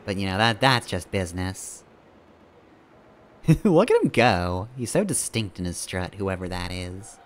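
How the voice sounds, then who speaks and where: Rambling low-voiced male game streamer. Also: sing-song, unhurried, slight background noise. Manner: rambling, self-correcting, chuckling. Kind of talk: casual gameplay commentary.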